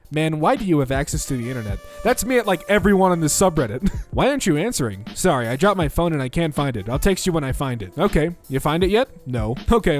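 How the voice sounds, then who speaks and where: A young man reading out internet posts for comedy, bouncing between flat deadpan and mock voices. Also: a little high. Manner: lively, quick shifts into mock voices.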